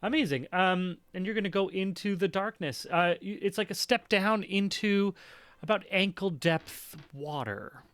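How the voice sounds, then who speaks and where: A man's voice: high voice, unhurried, fairly bright tone, smooth, no room sound. A man running a tabletop game as game master, chatty and upbeat with many fillers.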